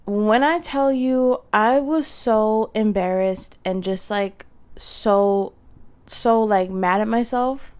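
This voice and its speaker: A woman's voice: mid-range voice, slow pace, a little mellow, smooth. A young woman hosting a casual solo podcast, telling stories in a chatty way full of fillers. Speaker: podcast host. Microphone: podcast microphone.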